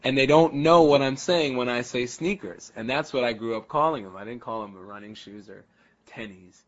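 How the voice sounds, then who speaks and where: A man's voice: medium pitch, normal speed, highs cut off. A man from New York City with a New York accent, telling casual, rambling stories about where he grew up. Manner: chatty, rambling, anecdotal. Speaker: daycare worker. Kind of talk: casual personal storytelling.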